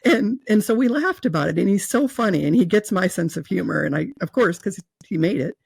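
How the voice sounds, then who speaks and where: Woman guest, heartfelt storyteller, gravelly fry in her voice, close and dry. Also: mid-range voice, animated, a little fast, a little mellow, dry recording. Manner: earnest, emotional, with fillers and restarts. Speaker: guest telling her near-death experience. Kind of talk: personal storytelling in an interview.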